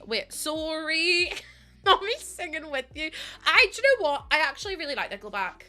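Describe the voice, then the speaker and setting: Woman, high, very animated pitch, giggly, chatty live-streamer. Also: moderate pace, soft background music. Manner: giggly and chatty, greets viewers. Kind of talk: casual live-stream chat.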